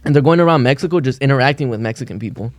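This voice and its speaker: A man co-hosting a podcast, telling stories in an animated, slangy way and acting out quotes. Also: mid-range voice, rapid-fire, dry recording, clean studio sound. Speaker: podcast co-host. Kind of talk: casual storytelling chat.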